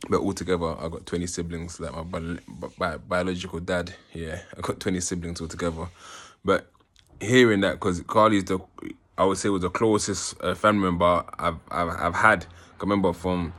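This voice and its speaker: A man telling an emotional personal story as an interview guest, halting and often repeating words as he restarts. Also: low-pitched, fairly bright tone.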